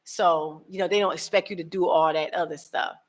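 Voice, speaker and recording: A woman's voice: on the low side, steady tone, a little fast. Woman, African American accent, casual vlog monologue, rambling, many fillers and restarts. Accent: African American Vernacular English. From United States. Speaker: relocation vlogger. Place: abroad, living in East Africa.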